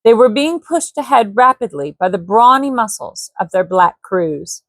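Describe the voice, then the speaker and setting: A woman reading a classic adventure novel aloud as a bedtime story, gentle, with casual asides to her listeners. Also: medium pitch, sing-song, normal speed, dry recording. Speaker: storybook reader.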